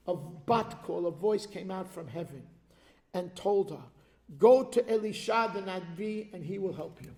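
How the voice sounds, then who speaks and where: High-pitched rabbi preaching in a reverberant hall. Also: male voice, measured pace. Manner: animated, rises in intensity when telling stories. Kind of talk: sermon with storytelling.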